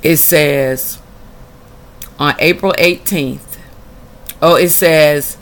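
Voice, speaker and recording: A woman's voice: sits low, fairly even intonation, drawn-out words. A woman reading out documents from her own case and answering them bluntly and indignantly. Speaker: tenant telling her own housing case. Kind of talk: reading documents aloud and reacting.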